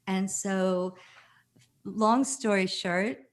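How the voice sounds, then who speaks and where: A woman in her fifties from New Jersey, a podcast guest telling a long story in an animated, chatty way with many fillers. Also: medium pitch, moderate pace. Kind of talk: casual storytelling.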